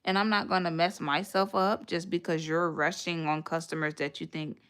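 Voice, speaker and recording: A woman's voice: deep voice, flat delivery, normal speed, a bit bright, clean tone. A woman hosting a casual livestream from home, telling a long story and thanking viewers for gifts along the way. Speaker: livestream host. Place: home, near a radiator.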